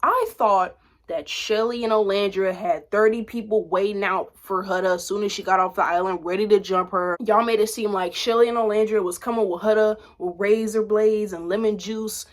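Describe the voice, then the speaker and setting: A woman in her twenties ranting casually to camera, blunt and profane, jumping between loud outbursts and low asides. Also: steady tone, normal speed. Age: 20s. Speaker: vlogger commenting on reality TV.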